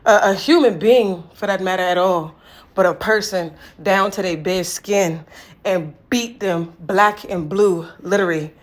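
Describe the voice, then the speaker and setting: A woman performs an improvised spoken word poem in a raw, accusing delivery. She drops to hushed, heavy lines and then pushes out forceful ones. Words and phrases come back again and again as refrains. Her pitch sits in a middle range for a woman.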